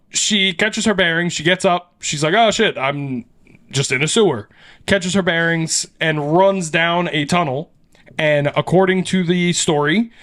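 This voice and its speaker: A man hosting a podcast, his voice sitting a touch high. He retells an urban legend in loose, animated chat, swearing and laughing often. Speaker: podcast host. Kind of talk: casual storytelling chat.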